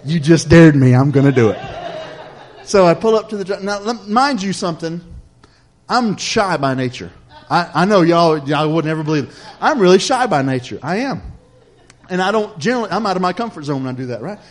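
A man's voice: high voice, expressive, brisk. A man preaching a sermon, telling a story in a folksy, chatty way and speaking straight to the congregation.

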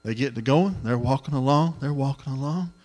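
A middle-aged man preaching a sermon, telling the story in an animated way and acting out the voices. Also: mid-range voice, a little fast. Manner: animated storytelling, acts out voices, exclamations of hallelujah.

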